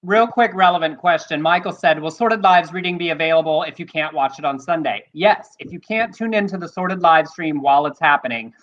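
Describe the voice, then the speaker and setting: Man, co-host, high voice, wry quips, dull lo-fi audio. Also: fairly bright tone. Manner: quick, wry, reads viewer questions. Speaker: talk show co-host. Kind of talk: casual live-stream chat.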